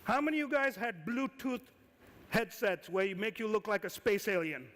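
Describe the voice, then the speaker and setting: A man giving a conference talk as an investor, lively and firing questions at the audience. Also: high-pitched, moderate pace. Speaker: conference speaker, angel investor. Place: conference hall. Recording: reverberant hall.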